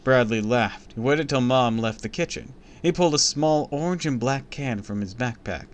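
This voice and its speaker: A man's voice: mid-range voice, moderate pace. A man reading a kids' book aloud on a stream, in a mid-range voice. He keeps breaking off with crude, joking commentary, switching between plain narration and profane asides. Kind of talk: casual read-aloud with commentary.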